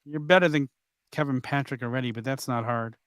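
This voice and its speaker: A man co-hosts a podcast in casual chat, enthusiastic and teasing as he heaps on praise. His medium-pitched voice is steady, brisk, fairly bright and clean, recorded dry with clean studio sound.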